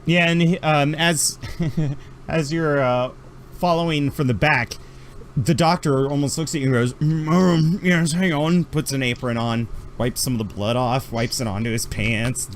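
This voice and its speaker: A man's voice: mid-range voice, steady tone, moderate pace, a little hiss or hum. A man narrating a tabletop game as game master, rambling through descriptions with fillers.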